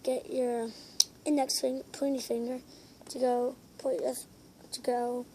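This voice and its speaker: A high-pitched woman talks slowly through a casual craft tutorial, rambling and hesitant between steps. She drops into whispered asides now and then. The recording is noisy, with a steady hiss behind her. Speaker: tutorial maker.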